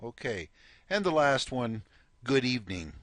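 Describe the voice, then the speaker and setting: A man's voice: mid-range voice, sing-song, measured pace, a bit bright, dry recording. A man teaching a language lesson, patiently repeating words and prompting the listener to say them back. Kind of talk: slow step-by-step language lesson.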